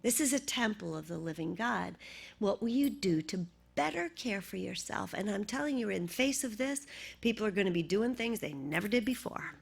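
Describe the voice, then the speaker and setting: Woman minister, middle-aged, raspy with vocal fry, storytelling sermon that slips into half-whispers. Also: mid-range voice, lively intonation, normal speed. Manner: storytelling, often dropping to a hushed half-whisper.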